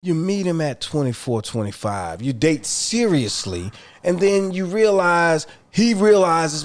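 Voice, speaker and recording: A man's voice: on the high side, big pitch swings, unhurried. A man co-hosting a podcast in casual chat, blunt, crude and argumentative. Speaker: podcast co-host.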